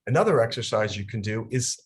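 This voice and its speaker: With a lowish voice and quick pace, a young adult man from New York guides a laughter yoga class over video call. He instructs with lively energy, laughing as he talks and breaking into ha-ha chants.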